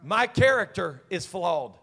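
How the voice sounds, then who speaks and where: Male pastor, bright, forceful sermon voice, call-and-response, reverberant sanctuary. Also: high-pitched, big pitch swings, measured pace, husky. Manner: swings from quiet talk to shouted preaching. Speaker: senior pastor. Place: church sanctuary. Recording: long reverb of a church hall.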